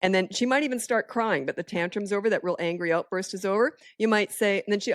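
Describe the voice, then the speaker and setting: A woman's voice: medium pitch, fast, few pauses, dry recording, clean studio sound. A woman talking as a parenting expert in a casual podcast chat, firm, direct and matter-of-fact.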